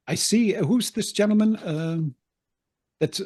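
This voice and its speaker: A man's voice: high-pitched, a little mellow. An older man, an actor, telling anecdotes in a chatty interview, laughing often and acting out the voices he quotes. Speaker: actor guest.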